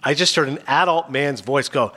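Speaking at normal speed in a mid-range voice, this man hosts a podcast and recounts a story casually. He animates it by performing the voices of the people involved.

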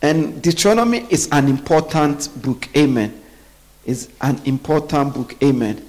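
A man's voice: a little high, moderate pace, darkish tone. Man preaching with call-and-response. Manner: asks the congregation to finish his sentences.

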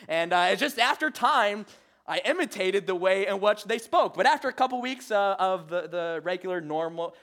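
Young Midwestern male pastor, slightly high voice, casual halting sermon delivery full of fillers. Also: expressive, a bit bright. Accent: Midwestern American. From Michigan. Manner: halting, many "uh" fillers, self-deprecating humor. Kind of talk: conversational sermon.

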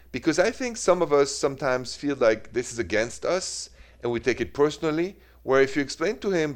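A man from France with a French accent, hosting a call-in love and relationships radio show, unhurried and mixing in French greetings. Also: fairly high pitch, sing-song. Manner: warm-toned, unhurried, mixes French greetings into English. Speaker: radio advice show host.

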